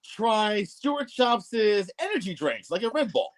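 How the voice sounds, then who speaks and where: A man's voice: high voice, wildly swooping pitch, unhurried. A man telling rambling, profane stories on a podcast, with lots of restarts. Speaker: podcast guest co-host. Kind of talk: casual storytelling chat.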